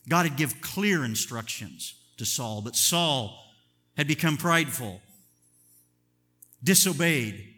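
An older man preaching a sermon as pastor, chatty and chuckling, moving between loud emphatic bursts and quiet asides. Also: medium pitch, animated, measured pace, long pauses, breathy edge, in a large hall, faint music behind.

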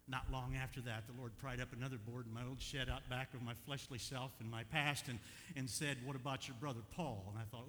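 An older man preaches in a church sanctuary, his voice bright and forceful. He tells a personal story, moving between hushed asides and loud, emphatic peaks. The sound carries a long echo with a faint hum underneath. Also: medium pitch, fairly even intonation, brisk. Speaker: pastor. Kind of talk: sermon. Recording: echoey hall with faint hum.

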